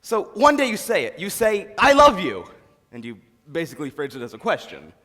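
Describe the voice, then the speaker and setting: A man's voice: high-pitched, brisk, full character voice. A young man on a school stage playing a nostalgic theatre fan who speaks confidingly to the audience, recorded in a reverberant auditorium. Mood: musing. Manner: musing, confiding, suddenly excitable. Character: nostalgic male theatre fan narrating his favorite record. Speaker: narrator of a stage musical. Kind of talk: school stage musical acting. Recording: reverberant hall, distant stage sound.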